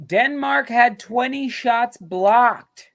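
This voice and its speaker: American male host, slow easygoing delivery, bright tone, laughs and swears through trivia. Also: very high voice, gravelly, a little hiss or hum. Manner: laughing, swearing, jokey asides. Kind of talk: casual trivia banter.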